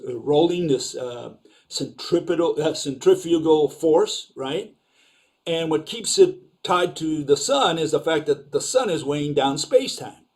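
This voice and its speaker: A man's voice: on the high side, a little mellow. A man giving an informal, sarcastic lecture over slides, questioning ideas and using lots of fillers.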